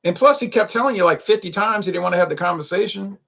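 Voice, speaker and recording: A man's voice: high-pitched, quick pace, gravelly, pushed and bright. A man hosting a beer review video, ranting in a heated, sarcastic way. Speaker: beer review channel host. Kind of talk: casual on-camera rant.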